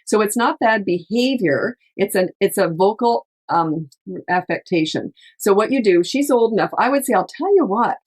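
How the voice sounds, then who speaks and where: A woman's voice: medium pitch, lively intonation, normal speed, husky. A middle-aged woman, a parenting coach, giving advice in casual chat, emphatic and chatty, often acting out what parents say. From Canada. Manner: chatty, emphatic, laughs often, acts out quotes. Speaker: parenting coach, podcast host.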